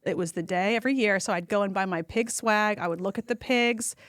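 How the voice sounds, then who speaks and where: A woman, a podcast guest telling funny stories and acting out quotes in a high voice. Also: a little fast, no room sound, clean studio sound. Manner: animated storyteller who acts out quotes in a high voice. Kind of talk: casual storytelling chat.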